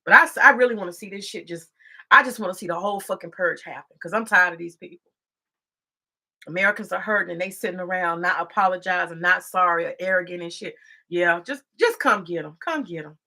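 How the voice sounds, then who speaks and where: Her voice low-ish, brisk, pushed, and bright, a woman political commentator rants in a casual monologue. She grows heated, swears, scolds, and keeps repeating herself as she winds up.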